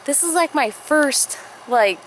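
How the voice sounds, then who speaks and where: Young woman rambling thru a story, lots of likes and you knows, kinda high voice, faint room hum. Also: expressive, slow pace, a bit bright, low-quality recording. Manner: rambling, filler-heavy, acts out quotes. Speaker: vlogger. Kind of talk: casual storytelling.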